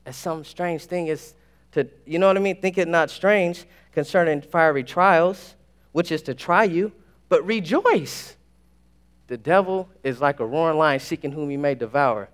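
Excitable high-voiced young preacher man. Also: normal speed. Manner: excitable, swings from hushed to shouting. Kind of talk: sermon.

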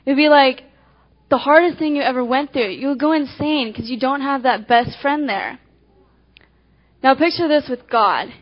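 Woman, high voice, animated devotional speaker acting out illustrations; muffled lo-fi recording. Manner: animated storytelling, swinging between quick and slow emphasis. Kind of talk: devotional talk with acted illustrations. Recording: dull lo-fi recording.

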